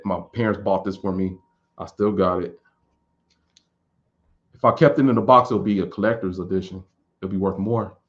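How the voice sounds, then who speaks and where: Rambling man in his thirties, lo-fi sound. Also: fairly low pitch. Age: 30s. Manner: relaxed, rambling, repeats words while thinking. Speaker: streamer answering viewer questions. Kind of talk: casual chat. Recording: dull lo-fi recording.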